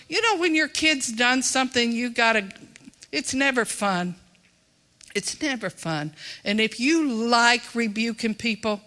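Bright-voiced preacher with a drawl. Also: medium pitch. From Texas. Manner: folksy, emphatic, swings between loud and hushed. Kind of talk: sermon.

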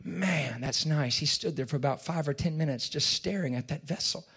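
A preacher telling a parable-like story in a sermon, with repetition and dramatic swings in loudness. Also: male voice, a little high, fast talker, slightly rough.

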